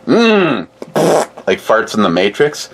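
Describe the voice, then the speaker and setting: A man's voice: fairly low pitch, wildly swooping pitch, slow pace, a bit bright, low-quality recording. A man hosting a casual drink review, rambling and joking with a bit of swearing.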